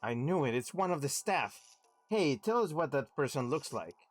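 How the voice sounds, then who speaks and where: A pushy little mouse detective, read aloud by a man streaming a game grills a suspect from on-screen text. The voice sits fairly high and moves around a lot. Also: sing-song, normal speed, dry recording, soft background music. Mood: interrogating. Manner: reads game text aloud in his own voice. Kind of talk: reading game dialogue aloud.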